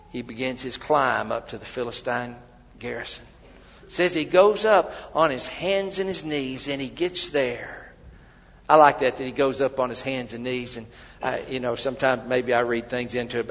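A man preaching a sermon, fervent and emphatic, building to loud peaks and often restarting his phrases. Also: medium pitch. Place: church sanctuary. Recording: long hall reverb, dull lo-fi sound.

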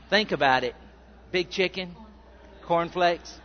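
A man's voice: fairly high pitch, lively intonation, unhurried, a little hiss or hum. A man preaching a sermon as pastor, rambling in a folksy storytelling way before reading scripture aloud. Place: church sanctuary. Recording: dull sound in a reverberant hall.

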